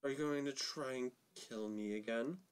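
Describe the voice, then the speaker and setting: A man voicing a ghostly, sick mother who reproaches her son, read loud and accusing in his own voice. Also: mid-range voice, normal speed, smooth, lightly acted.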